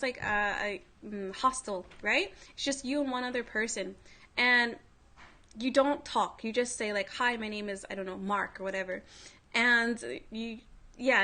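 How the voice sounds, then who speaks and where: A woman's voice: high voice, a bit bright. Chatty woman telling a story. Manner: chatty, filler-heavy, frequent "like". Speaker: livestream host. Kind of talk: casual storytelling.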